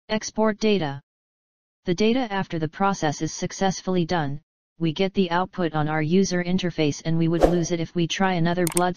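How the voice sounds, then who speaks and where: A woman reads an academic paper aloud in a steady, even delivery and spells acronyms out letter by letter. Her voice sits low and sounds clean and smooth. The recording is dry and a little dull, with a lo-fi edge. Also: dry recording.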